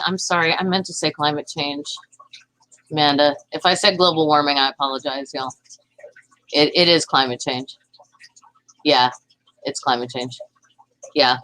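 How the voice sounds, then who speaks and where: Bright-voiced Southern woman streamer. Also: mid-range voice, no room sound, rough recording. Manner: fast, heated, talks to chat viewers. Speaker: livestream host reading chat. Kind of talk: casual political livestream chat.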